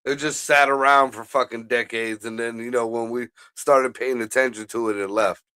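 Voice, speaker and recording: A man's voice: mid-range voice, steady tone, moderate pace, pushed and bright, smooth. A man co-hosting a casual livestream chat, rambling through theories and swearing as he goes. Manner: rambling, profane, laughs at his own jokes. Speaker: co-host.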